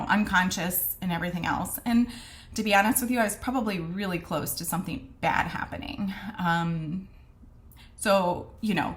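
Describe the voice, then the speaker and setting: A woman's voice: fairly low pitch, a bit bright. A woman casually telling her personal story to camera, frank and chatty, acting out the conversations she recalls. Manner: chatty, retells scenes with quoted dialogue; frank, with mild swearing and many fillers. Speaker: vlogger sharing her diagnosis story.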